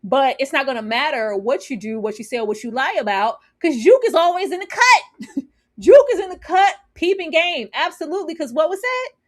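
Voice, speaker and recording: Animated woman reviewing a TV series. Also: sits high, moderate pace. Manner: animated, laughs often, acts out scenes. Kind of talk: casual review chat.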